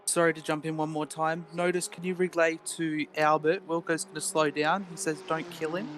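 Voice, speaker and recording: Man on race control, flat delivery, slightly high, jumps in with urgent updates. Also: a little hiss or hum. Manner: breaks in with quick urgent updates.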